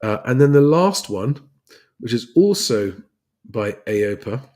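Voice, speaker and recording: A man's voice: mid-range voice, big pitch swings, a little slow, a little mellow. An English man hosting a casual livestream, chatting loosely with plenty of fillers and restarts as he answers viewer questions. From England. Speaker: livestream host and private pilot.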